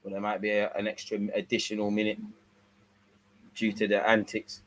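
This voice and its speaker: A young man giving casual, slangy live football commentary, swinging between excited outbursts and low mutters. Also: moderate pace. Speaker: watch-along streamer.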